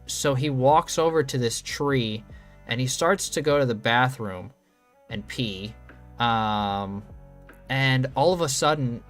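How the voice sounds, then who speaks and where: A young man in casual chat, spinning a story at a loose, meandering pace. He swears easily and fills pauses with ums. Faint guitar music plays in the background. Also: mid-range voice, fairly bright tone. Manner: rambling, loose, swears freely, many ums. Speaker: streamer.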